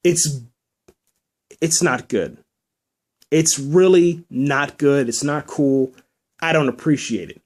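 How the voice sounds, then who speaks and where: A man with a fairly high voice talks alone into the mic as a podcast host. He is emphatic and emotional, circling back and repeating words as he presses his point. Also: slow pace, long pauses, darkish tone. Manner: emphatic, repeats himself when worked up. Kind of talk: solo spoken movie review.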